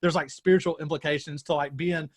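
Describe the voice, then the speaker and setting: Excitable young pastor, higher-pitched man. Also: fast. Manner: excited storytelling, self-described nerd. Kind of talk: casual chat on a video call.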